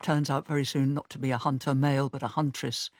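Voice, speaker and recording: A man's voice: mid-range voice, level tone, fast, no echo, studio quality. A man interviewing an author, asking probing, reflective questions about his book.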